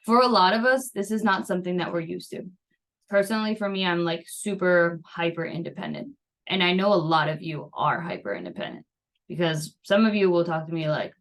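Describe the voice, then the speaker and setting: A young woman nutrition coach speaks to her clients on a video call through a computer mic, sharing her screen. Her medium-pitched voice sits in a middle register, and her casual coaching is chatty and loose, full of fillers and reassurance.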